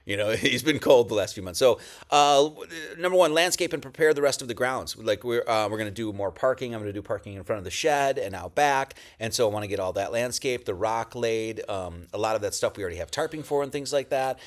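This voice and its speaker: Rambling, joking man preaching casually. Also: on the low side. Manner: rambling, profane and joking, with many restarts. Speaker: pastor. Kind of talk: casual sermon. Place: at home with dogs nearby.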